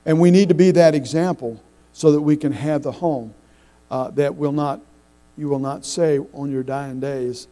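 A middle-aged man preaching a sermon, telling folksy stories with halting restarts. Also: a little high, steady tone, warm tone, low-quality recording. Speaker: pastor.

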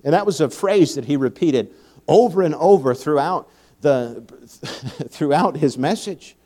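Young male preacher, slightly high voice, anecdotal, laughs often, swells to emphatic climaxes. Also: animated, unhurried. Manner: storytelling, laughs often, builds to loud emphatic peaks. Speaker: pastor. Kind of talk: sermon.

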